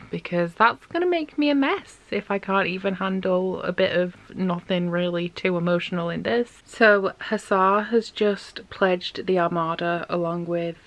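Young female book vlogger, lowish voice, casual, chatty, gushing. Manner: chatty, gushing, says "like" a lot. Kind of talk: casual book diary chat.

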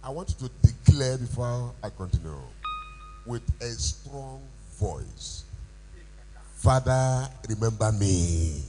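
A male pastor preaching a sermon with call-and-response questions, rising to shouts. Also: mid-range voice, animated, takes it slowly, slight background noise, poor audio. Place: church.

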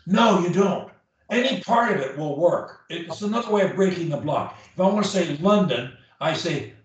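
A man's voice: fairly high pitch, expressive, normal speed, lo-fi sound. A man coaching a client one-on-one through speech drills, emphatic and demonstrating each drill aloud. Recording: very echoey room, mic at a distance.

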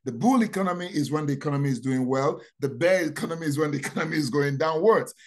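A man preaching a sermon, repeating key phrases and asking rhetorical questions, dropping to quiet asides then rising to loud proclamations. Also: quick pace. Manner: dramatic, swings from low asides to loud proclamations.

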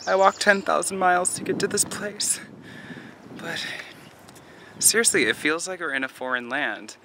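A man in his twenties vlogs on a nature trail, goofy, self-mocking and rambling as he jokes. His voice is a little high and very animated, measured in pace with frequent pauses, over a noisy background.

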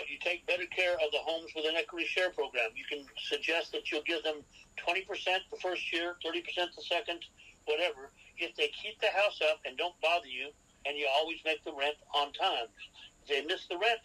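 A man's voice: on the high side, fairly quick, sharp tone, husky, rough recording. A man, a real estate expert guest on a podcast, giving seminar-style advice as numbered rules and often checking in with "okay?".

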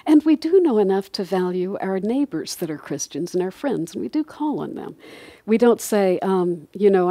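A woman's voice: mid-range voice, sing-song, normal speed, warm tone, no room sound. A middle-aged woman, a guest on a podcast interview, speaking in an earnest, reflective way and laughing lightly now and then. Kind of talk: conversational interview.

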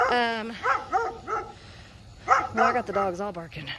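A woman's voice: medium pitch, measured pace, pauses often, heavy background noise. A woman chatting casually to her phone camera while walking outdoors on a neighborhood road, a little out of breath. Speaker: vlogger. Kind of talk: casual walking vlog chat. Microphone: handheld phone camera.

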